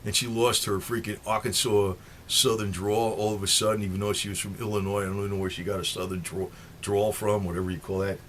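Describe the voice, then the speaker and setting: Low-voiced man with a New Jersey accent; rambling, profane vlog monologue, chuckling as he goes. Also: level tone, fast talker, a bit bright, a little hiss or hum. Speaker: political vlogger.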